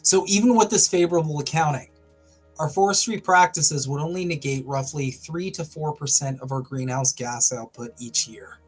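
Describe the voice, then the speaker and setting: A man's voice: fairly high pitch, normal speed, slightly rough, soft background music. Wry man with a raised voice. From Canada. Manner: wry, breaks off into playful sarcastic asides. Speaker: host. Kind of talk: reading an article aloud with jokey asides on a livestream.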